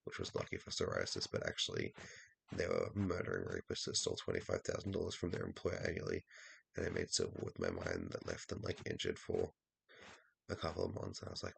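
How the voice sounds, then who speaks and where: Low creaky husky guy rambling on, swearing a lot, lots of ums. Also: sing-song, fast talker. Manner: rambling, heavy swearing, many fillers. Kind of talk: casual rambling monologue.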